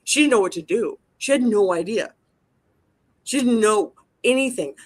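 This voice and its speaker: A woman's voice: medium pitch, lively intonation, normal speed. A woman telling a personal story on a podcast, emotional and freely swearing. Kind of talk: casual podcast chat.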